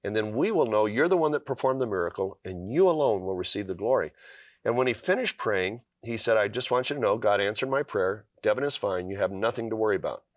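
Middle-aged male guest author, earnest storyteller, low-pitched, dry studio sound. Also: animated, quick pace, no room sound. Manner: earnest storyteller, acts out quoted lines, with fillers and restarts. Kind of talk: storytelling in a talk show interview.

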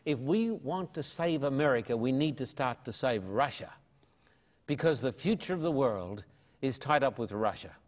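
A man answering interview questions in an impassioned, preacherly way, slowing down to stress key words. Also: medium pitch, animated. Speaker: evangelist interviewee.

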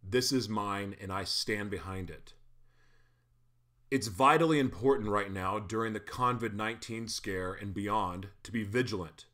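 A man with a somewhat low voice delivers a heated monologue, working himself up into loud ranting. He then drops into quiet, mock-polite asides before building again. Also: normal speed. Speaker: online commentator.

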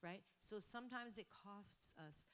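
A woman's voice: mid-range voice, a little slow. Impassioned woman preacher. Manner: impassioned preaching, rising emphasis, drops to soft near-whisper. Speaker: pastor. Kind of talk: sermon.

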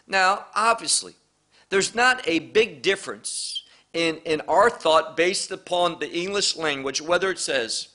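A man teaching through a Bible chapter verse by verse, slow and deliberate, repeating key phrases for emphasis. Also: fairly high pitch, lively intonation, sharp tone.

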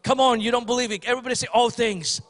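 A man with a high voice preaches a Sunday morning sermon with fervent energy. He repeats phrases for emphasis, often restarts his sentences, and calls out to the congregation to answer him. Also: little pitch movement, very fast, fairly bright tone, long reverb tail. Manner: fervent, repetitive, mimics pleading prayers. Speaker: pastor.

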